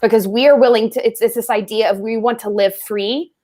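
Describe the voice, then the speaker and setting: This is a woman co-hosting a casual film discussion podcast. Her voice sits a little high, and she laughs easily and cracks wry jokes before turning earnest. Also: fairly even intonation, fairly quick, dark tone. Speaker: co-host.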